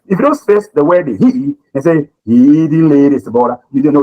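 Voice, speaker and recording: A man's voice: on the high side, lively intonation, fast, highs cut off. A man teaching a communication class, lecturing and questioning students, often repeating his words.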